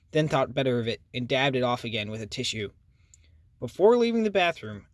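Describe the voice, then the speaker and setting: Male audiobook narrator, mid pitch, dead-dry booth sound. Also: no echo. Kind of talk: first-person audiobook narration.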